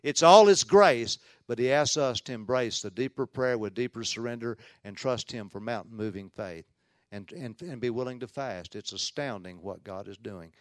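A man preaching a sermon as a Baptist pastor, in an ordinary mid-range voice. He tells his story with earnest swings from hushed asides to loud emphasis, often restarting words. The sound is dry and close. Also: mid-range voice, normal speed, no room sound.

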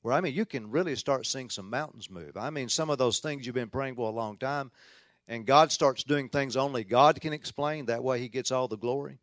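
A man's voice: medium pitch, moderate pace, dry recording. A middle-aged man from Tennessee with a Southern accent, praying and then preaching as a guest speaker, fervent and rising to emphatic declarations. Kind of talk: prayer and sermon.

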